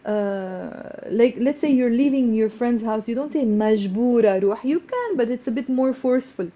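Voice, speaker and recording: A woman teaching a live online language lesson, slowing down and repeating words so her students can follow, then coaxing them to answer. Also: a little high, expressive, mellow, dull audio, slight background noise. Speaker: Arabic teacher.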